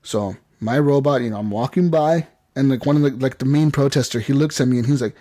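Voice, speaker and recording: A man hosting a casual gaming podcast, telling a story in a rambling, excited way full of "like" and "you know". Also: medium pitch, fairly quick. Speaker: podcast host.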